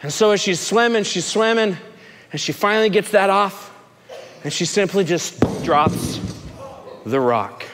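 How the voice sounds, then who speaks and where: A man preaching a sermon to a recovery group, telling a story with lively swings from shouting to soft, low speech. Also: measured pace, big-room sound, background noise. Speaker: pastor at a recovery ministry. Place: large room with a gathered group.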